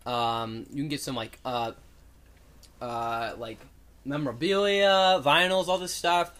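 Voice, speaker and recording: A man's voice: mid-range voice, steady tone, unhurried, a bit bright. A young man telling a story in casual chat, rambling with lots of fillers and acting out what people said. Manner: rambling, lots of "like" and "um", acts out quotes.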